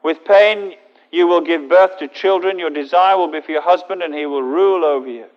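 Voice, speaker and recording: A man reading the part of a stern, commanding god aloud in a sermon, in a solemn, measured way. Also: on the high side, long reverb tail, highs cut off, close to an everyday voice.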